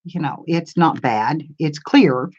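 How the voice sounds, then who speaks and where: An older woman who hosts a craft channel rambles through a dull live stream, casually chatting in a homey way and answering comments from viewers. Her voice is low, slow, darkish in tone, and slightly rough, recorded on a camera mic.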